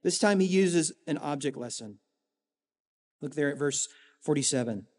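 A man preaching a sermon as a pastor, earnest, with rhetorical emphasis and dramatic pauses. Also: on the high side, animated, darkish tone. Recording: long hall reverb.

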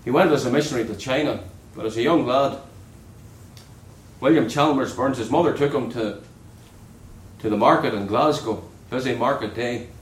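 A man preaching a sermon in an earnest way, dropping low and soft on key words. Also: normal speed, pauses often, reverberant, low-quality recording.

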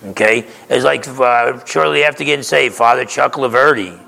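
Gravelly-voiced man preaching in a hall. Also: medium pitch, moderate pace, pushed and bright. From New Jersey, USA. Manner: conversational, emphatic, keeps asking "okay?". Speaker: pastor. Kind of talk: sermon. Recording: reverberant hall.

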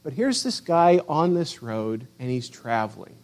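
A middle-aged male pastor preaching a sermon with passion, acting out quoted voices and swinging from loud declarations to hushed asides. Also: mid-range voice, sing-song, unhurried.

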